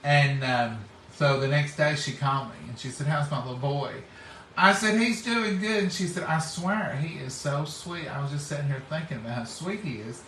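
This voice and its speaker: A man's voice: medium pitch, a little fast, few pauses, fairly bright tone, slight background noise. Folksy man, distant roomy sound. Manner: folksy, acts out quoted speech. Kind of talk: casual storytelling chat.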